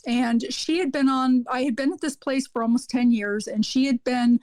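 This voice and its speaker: A woman's voice: high-pitched, fairly even intonation, normal speed, darkish tone, no echo. A woman, a hospice nurse guesting on a podcast, telling earnest stories with frequent ums and repeated words. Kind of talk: casual podcast conversation.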